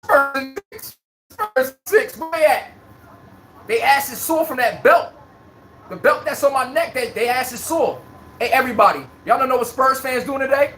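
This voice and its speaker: A man's voice: very high voice, expressive, normal speed, sharp tone, echoey room. A man hosting a live sports fan stream, trash-talking rival fans, reading out chat comments and laughing often. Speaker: sports livestream host.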